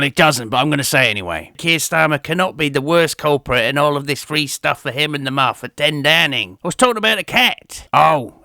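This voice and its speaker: A man with a raised, gravelly voice reads out the day's papers as a spoof newsreader. His tone is sharp and pushed hard, full of snide, sarcastic asides. The sound is dry and close, with no room around it. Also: a little high, dry recording. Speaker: host of a spoof news show. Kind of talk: satirical newspaper review.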